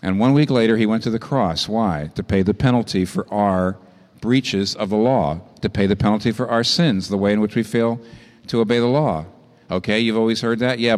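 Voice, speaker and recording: A man preaching a sermon, impassioned, climbing to high emphatic peaks and then dropping low. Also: big-room sound.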